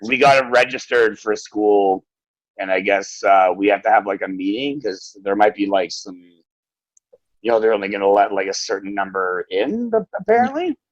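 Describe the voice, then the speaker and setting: A man's voice: fairly low pitch, lively intonation, moderate pace, no room sound, dull audio. A young adult man, a podcast co-host, telling laid-back stories at home and swearing freely. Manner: doing his toddler's voice in anecdotes. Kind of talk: casual chat.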